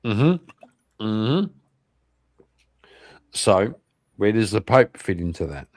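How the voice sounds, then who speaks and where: Lively Irish man hosting a stream. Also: on the low side, very slow, no echo, studio quality. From Ireland. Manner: animated, swears a lot, laughs often. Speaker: host of an online interview show. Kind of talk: casual livestream chat.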